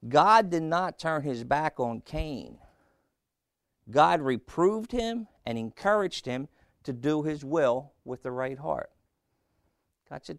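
A man's voice: fairly high pitch, animated, vocal fry, no echo, clean studio sound. A man preaching a sermon, putting questions to his listeners and pressing each point. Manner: slow, emphatic preaching with questions to the congregation.

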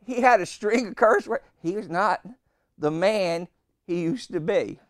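Male preacher with a crisp, slightly high voice, spinning sermon anecdotes. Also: expressive, unhurried, no room sound, clean studio sound. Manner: storytelling with rhetorical questions and acted quotes.

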